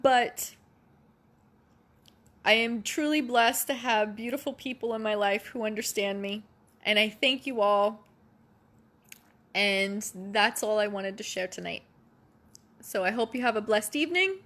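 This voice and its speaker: A woman's voice: mid-range voice, measured pace, pauses often, a bit bright. A mother speaking earnestly and emotionally to other parents, pleading and repeating herself for emphasis, close to tears. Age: adult parent of a child. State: near tears. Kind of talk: emotional personal address.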